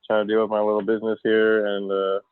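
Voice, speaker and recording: A man's voice: lowish voice, monotone, fast, smooth, dry recording. A man joining a podcast as a guest over a remote call, chatting casually in a loose, rambling way and swearing freely. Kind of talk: casual chat. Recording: tinny phone-like call line.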